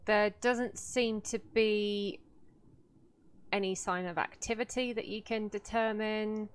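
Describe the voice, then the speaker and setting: A woman narrating a tabletop game as game master, describing the scene slowly. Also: medium pitch, fairly even intonation, smooth.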